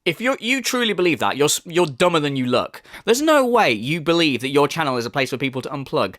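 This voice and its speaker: A man's voice: a little high, sing-song, quick pace, fairly bright tone, no room sound, studio quality. A man delivering a profane, mocking rant as a commentary YouTuber. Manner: profane, mocking, laughs scornfully.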